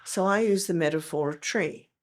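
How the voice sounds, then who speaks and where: A woman's voice: lowish voice, normal speed. An older woman, a veteran teacher explaining in a podcast interview, emphatic and step by step.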